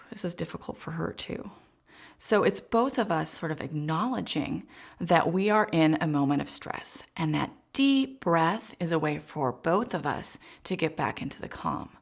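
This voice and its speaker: A woman child psychologist giving a gentle, encouraging parenting talk, speaking directly to parents. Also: fairly low pitch, vocal fry.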